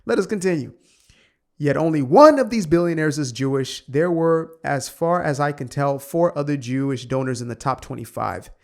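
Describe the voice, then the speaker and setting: A man's voice: fairly high pitch, animated, gravelly. A man reading an article aloud and commenting on it with sarcastic asides. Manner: sarcastic asides, quick offhand remarks. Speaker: online commentator.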